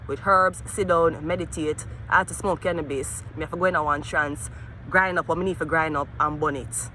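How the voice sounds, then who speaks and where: Jamaican woman, tarot reader, bright sharp voice, profane ranting, faint traffic noise outdoors. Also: low voice, fairly even intonation, a little fast. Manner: profane, cursing, swings between ranting and muttering. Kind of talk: tarot reading vlog.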